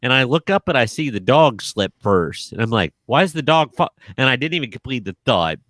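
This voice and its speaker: A man's voice: mid-range voice, a little fast, dry recording, studio quality. A man co-hosting a podcast in casual chat, telling stories and laughing often. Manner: laughs often, animated storytelling. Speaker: podcast co-host.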